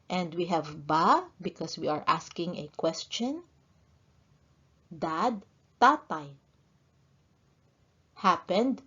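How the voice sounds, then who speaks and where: Slow, deliberate woman teaching a lesson. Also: mid-range voice, slightly rough, dull audio. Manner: slow, deliberate, reads each word pair in turn. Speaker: language teacher. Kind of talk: scripted lesson narration.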